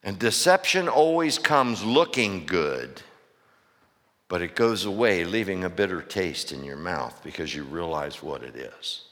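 A man's voice: low-pitched, animated, measured pace, a bit bright. A middle-aged man, a pastor, preaching a sermon in a church with emphatic questions to the congregation. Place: church sanctuary. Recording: long hall reverb.

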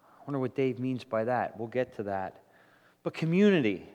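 A man preaching a sermon to his congregation, in an animated way, often restarting his sentences. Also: mid-range voice, moderate pace, in a large hall, muffled recording. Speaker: pastor. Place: church sanctuary.

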